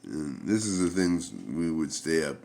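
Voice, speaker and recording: Middle-aged vlogger, slow rambling talk, faint hiss behind, recorded at home on a camera mic. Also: male voice, very deep voice, expressive, creaky, a little mellow. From Canada. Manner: rambling, halting, many fillers and restarts. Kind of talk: casual rambling vlog.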